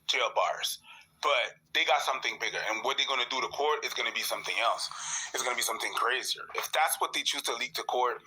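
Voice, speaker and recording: A man co-hosting a casual talk show who speaks fast and animatedly, acting out what others say. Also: medium pitch, slight background noise, low-quality recording. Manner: fast, animated, acts out quotes. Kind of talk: casual discussion.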